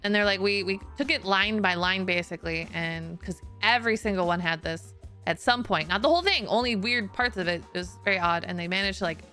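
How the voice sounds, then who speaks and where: A woman chats loosely with her stream audience, trailing off into fillers and breaking into laughter between thoughts. Her voice is bright and forceful. Faint music plays behind her. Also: mid-range voice, brisk. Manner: chatty and storytelling, laughs often, many "like" fillers. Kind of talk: casual chat.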